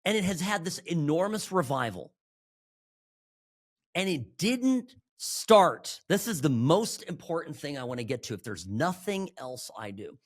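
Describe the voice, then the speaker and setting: A man from Southern California hosting a political talk show, delivering an animated, emphatic monologue with frequent restarts and asides. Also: fairly high pitch, unhurried.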